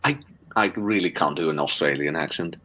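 A man in casual podcast chat, joking and chatty, quick to chime in with his own stories. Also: very deep voice, sharp tone.

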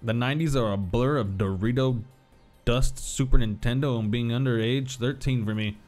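Faint music plays behind a man in his thirties who streams a game and gives casual commentary at a moderate pace. His mid-range voice is a little mellow, and he rambles through stories, swearing and laughing easily.

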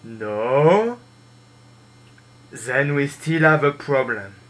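A man doing a scheming game spy who purrs in a low, French-accented voice. He stays calm and unhurried, dropping well below his own voice. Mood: sly.

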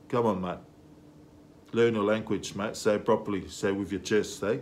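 A man's voice: lowish voice, steady tone, moderate pace, slight background noise. A young man hosting a music reaction video, talking casually and with enthusiasm, full of slang and fillers.

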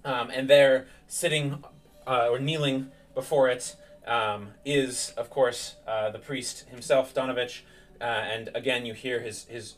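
A male game master narrates a tabletop session in a mid-pitched, everyday voice, hesitating often with fillers as he sets the scene. The sound comes from slightly away from the microphone, as on a streamed game night. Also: fairly even intonation, slow pace, far from the mic, soft background music. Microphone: streaming setup.

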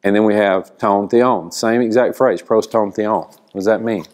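A man teaching a church Bible class, explaining slowly and asking the class questions. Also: lowish voice, fairly even intonation, darkish tone.

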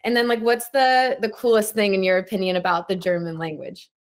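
A woman's voice: medium pitch, level tone, fairly quick. Enthusiastic woman podcast host. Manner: friendly, enthusiastic, laughs along. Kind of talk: hosting an interview podcast.

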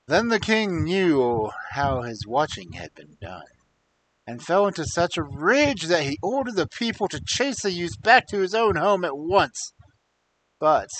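A man storyteller reading an old folk tale live, with an animated, sing-song delivery that climbs and dips. His voice sits a little high, and he breaks off for dry, wry remarks. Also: no echo, rough recording. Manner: expressive, dry wry asides.

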